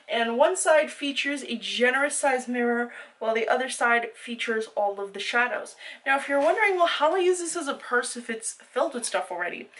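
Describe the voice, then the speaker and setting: Bright-voiced woman chatting makeup from the mic. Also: on the high side, far from the mic, rough recording. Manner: chatty, detailed product descriptions with fillers. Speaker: beauty vlogger. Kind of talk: casual makeup haul review.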